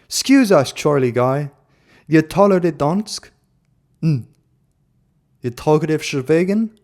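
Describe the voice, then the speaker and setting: A man voicing a quizzical male character who quizzes a stranger in oddly broken foreign phrases, with murmured pauses in between. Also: a little high, animated, darkish tone, voice pushed up. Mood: prying.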